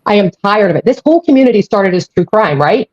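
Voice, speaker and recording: A woman's voice: mid-range voice, animated, fast, a little mellow, dry recording. A woman hosting a live stream, ranting angrily and swearing often, repeating her points. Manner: angry, profane, repeats herself. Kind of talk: heated live-stream rant. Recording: dull lo-fi audio.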